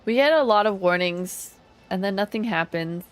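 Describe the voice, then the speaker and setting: This woman streamer has a mid-range voice and moderate pace. While playing a game live, she chats casually and easily with her chat, humming along as she goes.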